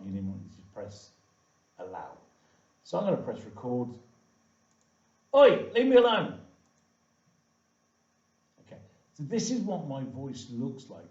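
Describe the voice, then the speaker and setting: A man with a dark, mid-range voice teaches a screen-recorded coding tutorial, talking casually and leaning on "okay" and "all right." The recording is distant and echoey, with a dull lo-fi room sound.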